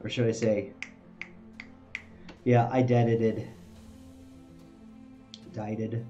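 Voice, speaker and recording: A man's voice: on the low side, level tone, very slow, warm tone, lo-fi sound. A man streaming a video game, chatting casually, poking fun at his own failures and chuckling often. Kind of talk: casual live-stream commentary while playing. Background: faint game music.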